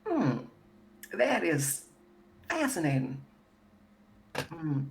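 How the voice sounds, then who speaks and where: A woman's voice: deep voice, big pitch swings, very slow, creaky. A woman playing a tabletop role-playing game, chatting casually, wry and thinking aloud, with some swearing. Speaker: player.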